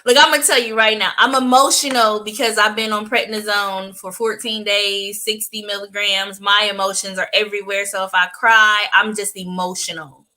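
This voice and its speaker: A woman co-hosting a podcast, telling personal stories in casual chat with an expressive, emphatic delivery. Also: mid-range voice, moderate pace, hardly any pauses, poor audio. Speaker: podcast co-host.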